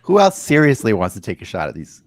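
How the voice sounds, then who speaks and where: A man's voice: fairly low pitch, wildly swooping pitch, quick pace, dry recording. Argumentative man on a dry close mic. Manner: argumentative, talks over others with many restarts. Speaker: podcast host. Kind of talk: casual podcast chat.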